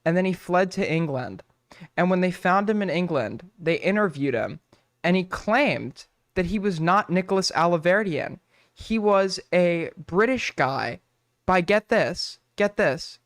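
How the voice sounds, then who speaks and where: A man with a fairly high voice rants and rambles through a live stream, cursing freely as he reacts. The sound is dry and close, with almost no room around it. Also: fairly bright tone, no echo. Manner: profane, ranting, rambling.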